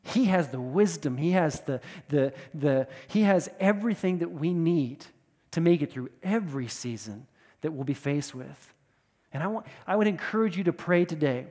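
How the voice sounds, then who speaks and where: A man preaching a sermon with emphatic delivery, repeating words and swinging between loud and soft. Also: on the high side, a little fast, big-room sound. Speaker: pastor.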